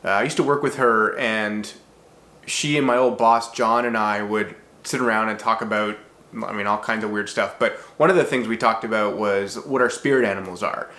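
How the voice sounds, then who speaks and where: A man's voice: fairly low pitch, steady tone, normal speed, pushed and bright. A man in his thirties, originally from Czechoslovakia, answering viewer questions in a casual vlog, thoughtful and a little self-deprecating with frequent fillers and restarts.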